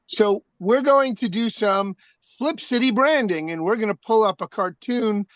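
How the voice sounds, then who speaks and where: Co-host, bright tone, dry jokes, dry close audio, video call. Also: mid-range voice, measured pace, no room sound. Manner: dry, joking asides. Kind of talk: casual video call chat.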